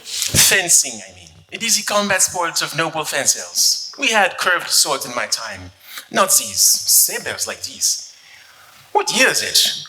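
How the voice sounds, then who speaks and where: In a comedic stage skit, an actor puts on a French accent to play a vain, flirtatious eighteenth-century French nobleman who fences and composes. His fairly high voice is very animated, a little slow, pushed and bright, fully in character, and he sounds pompous, boastful and theatrical. The recording quality is low.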